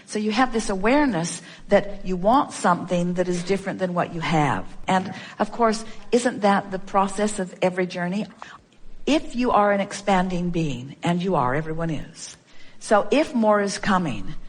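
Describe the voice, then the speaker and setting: A woman's voice: on the low side, normal speed. A woman giving an inspirational talk to a workshop audience. She speaks as "we", strings together rhetorical questions and repeats key phrases for emphasis.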